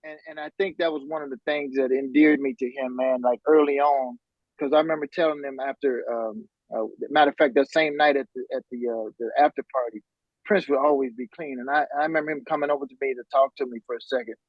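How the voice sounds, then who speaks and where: A man with a medium-pitched voice, a musician appearing as a podcast guest, tells stories casually and quickly, using slang and breaking into laughter. He's animated throughout. The lo-fi recording has no echo.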